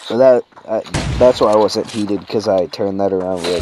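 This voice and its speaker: A man's voice: on the low side, moderate pace, background noise. A man giving casual, sardonic commentary over his own gameplay footage, swearing freely and sounding a little sick. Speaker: gaming commentator. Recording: game gunfire behind voice.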